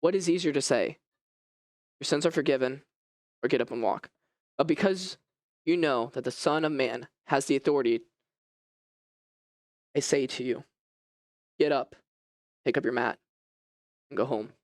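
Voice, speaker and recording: A man voicing a calm, authoritative Jesus in a first-person sermon, speaking slowly and deliberately. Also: medium pitch, no echo, studio quality, voice pushed down, lightly acted. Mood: grave.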